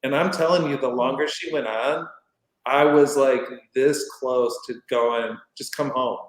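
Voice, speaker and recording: A middle-aged man telling a long story casually as a podcast guest, rambling and animated, acting out what people said. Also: medium pitch, measured pace. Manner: rambling, animated retelling with acted-out quotes. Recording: roomy echoey room.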